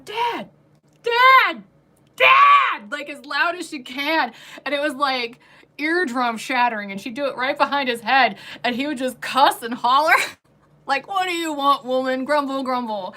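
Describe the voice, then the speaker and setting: Bright, high-ish chatty woman. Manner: chatty and giggly, many fillers. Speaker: wig reviewer and shop owner hosting a livestream. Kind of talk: casual livestream product chat.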